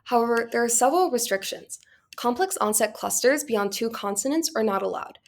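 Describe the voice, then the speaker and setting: Young female student presenter giving a scripted class talk at a steady pace. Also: on the high side, a little fast. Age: young adult.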